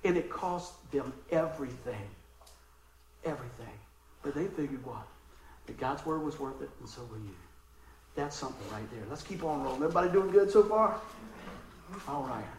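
A man preaching a sermon, telling stories in a conversational way and breaking into loud bursts of emphasis. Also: fairly high pitch, lively intonation, normal speed, long pauses, reverberant, slight background noise, poor audio. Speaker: pastor.

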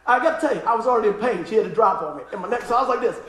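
A middle-aged man, a pastor, preaching a sermon full of funny personal stories. He tells them in an animated way, laughing often, and drops to quiet asides in between. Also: high-pitched, racing, echoey room, slight background noise. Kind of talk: sermon with humorous storytelling.

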